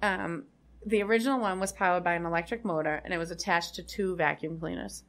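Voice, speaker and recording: A woman's voice: fairly low pitch, fast, a bit bright. A woman co-hosting a casual podcast, explaining facts with many ums and restarts. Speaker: podcast co-host. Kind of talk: casual chat.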